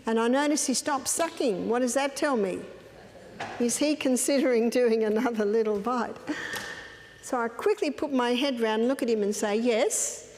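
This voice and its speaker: A woman's voice: fairly high pitch, moderate pace, a little mellow. A woman giving a lecture on raising children, telling personal stories in a direct, firm way. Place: lecture hall. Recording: echoey hall, faint background noise.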